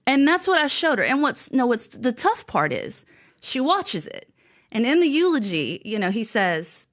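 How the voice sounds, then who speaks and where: An earnest woman speaks as an interview guest and author, telling a personal story. Her delivery is halting and emotional, with frequent restarts. Her voice sits at an ordinary middle pitch. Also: animated, a bit bright.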